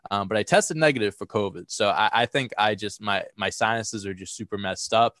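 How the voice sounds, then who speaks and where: A man's voice: on the low side, a little fast, a bit bright, dry recording, studio quality. A young man hosting a casual sports podcast, sounding a bit congested from a cold and talking energetically with lots of fillers and restarts. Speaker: podcast host.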